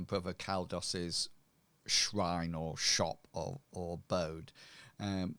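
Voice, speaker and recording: A man's voice: low-pitched, a bit bright, clear, resonant tone, no echo. A man narrating as game master, hesitant and full of ums. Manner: hesitant, many ums, slow.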